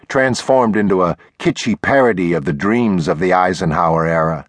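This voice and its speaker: A man narrating a thriller audiobook in the first person, measured and deliberate, recorded on a close studio mic. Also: sits low, no echo.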